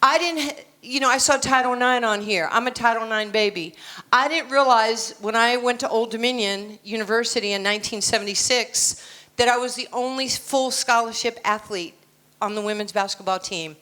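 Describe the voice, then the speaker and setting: A woman's voice: a little high, normal speed, sharp tone. An American woman in her sixties giving a motivational talk at a conference, blunt and confident with joking asides. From United States. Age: 60s. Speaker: keynote speaker. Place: conference stage, indoors.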